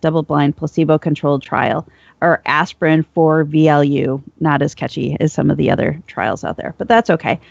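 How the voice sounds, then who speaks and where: Gravelly voice, measured, explains medical research, casual panel, dry dull lo-fi audio. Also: medium pitch, a little mellow, no echo. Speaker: physician panelist presenting medical studies. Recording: dull lo-fi sound.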